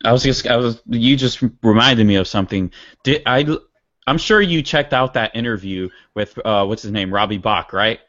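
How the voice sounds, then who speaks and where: A man's voice: medium pitch, normal speed, a bit bright, no room sound. A man chatting on a podcast, eager and enthusiastic. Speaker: podcast panelist. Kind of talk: casual chat. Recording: dull lo-fi sound.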